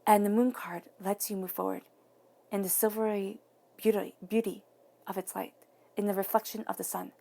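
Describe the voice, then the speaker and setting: A woman's voice: medium pitch, flat delivery, normal speed, vocal fry, mellow. A woman giving an earnest, encouraging tarot reading to viewers, repeating phrases for emphasis. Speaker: tarot reader.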